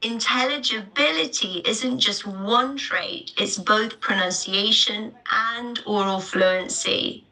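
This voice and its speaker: A woman leads a live online lesson, speaking slowly and deliberately. Her voice has a bright, crisp edge, and she spells out each point plainly for her students. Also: a little high, poor audio. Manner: clear, deliberate explanatory delivery. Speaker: teacher. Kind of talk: live online teaching webinar.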